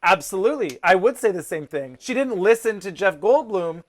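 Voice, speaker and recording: A relaxed co-host with a voice of middling pitch talks through a show review. The talk is reflective, broken up by easy laughs and acted-out quotes. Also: moderate pace. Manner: thoughtful, laughs easily, acts out quotes. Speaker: podcast co-host. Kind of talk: casual review chat.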